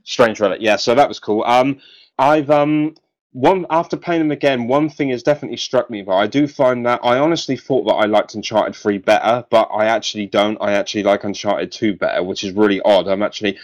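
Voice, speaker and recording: A man's voice: fairly low pitch, fairly quick, lo-fi sound. A man hosting a casual podcast chat, talking with many ums and restarts. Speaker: podcast host.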